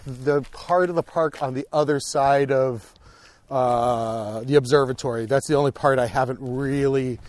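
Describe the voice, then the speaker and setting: A young man chatting on a walk through a park, telling stories with lots of swearing and acted-out reactions. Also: a little high. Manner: animated storyteller, swears a lot, acts out his own reactions. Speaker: podcast guest. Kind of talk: casual chat on a walk. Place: outdoors on a park hiking trail.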